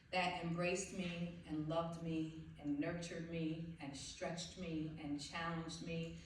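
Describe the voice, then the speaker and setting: A woman's voice: lowish voice, a little hiss or hum. Grateful woman's speech in an echoey hall. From South Jersey. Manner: heartfelt, grateful, faith-filled. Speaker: award recipient. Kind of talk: acceptance speech. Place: event hall stage. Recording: very echoey hall, far from the mic.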